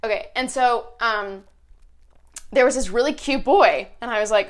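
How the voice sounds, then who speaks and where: Chatty young woman, lively storyteller. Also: on the high side, normal speed. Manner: animated storyteller, acts out old text messages. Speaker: podcast co-host. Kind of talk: casual chat.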